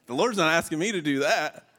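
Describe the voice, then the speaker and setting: A man's voice: on the high side, lively intonation, moderate pace, bright, forceful tone, a little hiss or hum. Earnest, laughing man in his forties preaching. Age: 40s. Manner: earnest and emotional, often breaking into laughter. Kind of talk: sermon.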